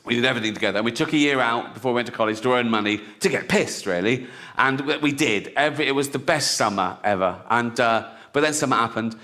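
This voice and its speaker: A man doing a stand-up routine, mocking and jumping into high-pitched impressions of other people. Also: fast talker. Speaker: stand-up comedian. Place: large theatre with live audience. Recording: live stage recording, loud audience noise. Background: audience laughter.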